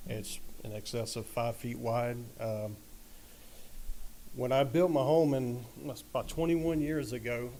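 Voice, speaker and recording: Middle-aged man, aggrieved resident, emotional public comment, earnest, mid pitch, faint room hum. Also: darkish tone, low-quality recording. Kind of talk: public comment at a council meeting.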